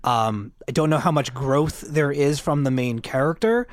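A man's voice: medium pitch, moderate pace, no echo. A man co-hosting a podcast in casual chat, rambling with many fillers and restarts. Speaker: podcast co-host.

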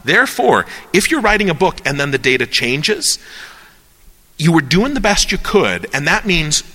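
A man leading a discussion in a casual, lecture-like way, animated and joking, thinking aloud with many restarts. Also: a little high, moderate pace, big-room sound. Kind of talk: casual lecture-style talk.

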